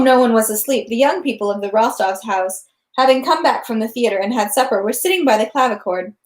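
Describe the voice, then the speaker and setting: A woman reading a novel aloud, steady with small slips and restarts. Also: a little high, echoey room. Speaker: reader of a novel. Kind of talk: read-aloud narration.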